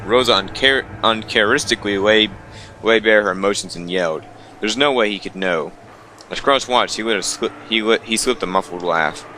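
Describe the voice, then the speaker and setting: A man's voice: lowish voice, a little fast, pushed and bright, slight background noise. A young man reading a visual novel aloud, stumbling over lines and breaking off for wry asides. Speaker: let's player.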